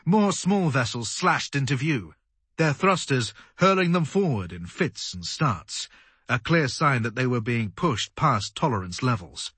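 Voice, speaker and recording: A man narrating an audiobook in a dramatic, animated storytelling manner. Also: medium pitch, a little slow, husky, no room sound. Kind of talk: scripted narration.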